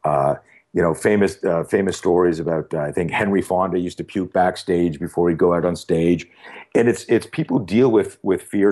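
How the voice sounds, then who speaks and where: A man in his sixties with a very low, deep voice tells stories in a relaxed podcast chat. He acts out both sides of his conversations and often restarts his sentences. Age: 60s. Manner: animated storyteller who acts out dialogue with frequent restarts. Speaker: fear management speaker and podcast guest. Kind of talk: casual podcast conversation, storytelling.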